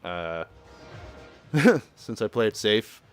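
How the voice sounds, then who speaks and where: A man talks through a video game in a relaxed, rambling way, his pitch bouncing around a lot. He laughs easily and keeps summing up what the characters say. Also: slow, clear, resonant tone, soft background music. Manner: chatty, loose, laughs often, summarizes game dialogue. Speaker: let's play commentator. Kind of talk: casual gameplay commentary.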